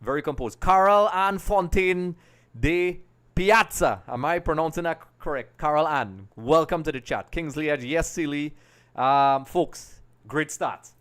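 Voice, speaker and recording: A man's voice: a little high, moderate pace. Chatty man hosting a live watch-along. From Trinidad and Tobago. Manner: chatty, greets viewers by name, excitable over goals. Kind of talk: live match reaction stream.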